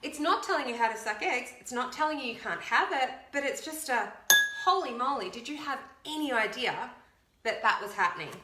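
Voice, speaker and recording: A woman's voice: high-pitched, lively intonation, a little fast, sharp tone, slight background noise. An upbeat woman, a fitness coach chatting casually to camera while counting aloud. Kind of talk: casual video chat. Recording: echoey room.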